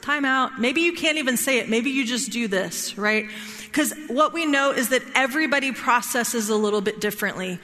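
A woman's voice: on the high side, sharp tone, in a large hall. A woman teaching a marriage workshop in a conversational way, often checking in with her listeners. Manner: checks in often with "right?" and "all right?".

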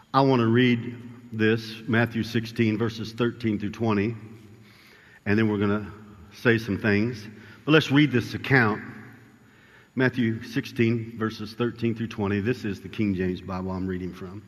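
A man's voice: on the low side, steady tone, measured pace. Preaching man in an echoing hall. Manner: reads scripture aloud, then preaches with rising emphasis. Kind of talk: sermon.

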